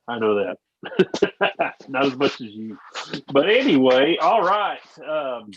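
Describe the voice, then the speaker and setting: A man's voice: mid-range voice, animated, slow, a crowd in the background. A man hosting a casual discussion, easygoing and agreeable, chiming in and laughing along. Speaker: host. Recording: slightly dull lo-fi audio.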